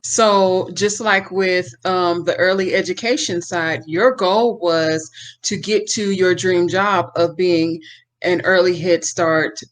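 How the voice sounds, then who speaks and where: A woman hosting an interview podcast, talking in a relaxed, encouraging way with frequent ums. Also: on the low side, slow pace. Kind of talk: casual interview conversation.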